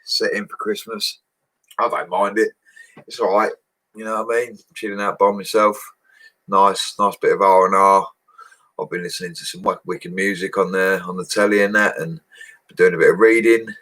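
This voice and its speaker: A young man from England chats from home into a phone or webcam, answering viewers' comments. His voice sits a little low, and his talk is relaxed and slangy, often broken by laughs. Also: moderate pace. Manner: laid-back, chatty, laughs often, slangy. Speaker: bricklayer livestream host. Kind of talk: casual livestream chat reading comments. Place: home, indoors.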